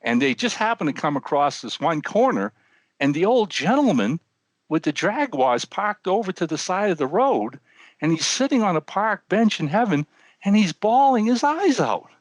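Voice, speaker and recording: An older man co-hosting a podcast, telling a long joke with animated voices for the characters. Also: high-pitched, normal speed, dry recording. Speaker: podcast co-host. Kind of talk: telling a joke, casual chat.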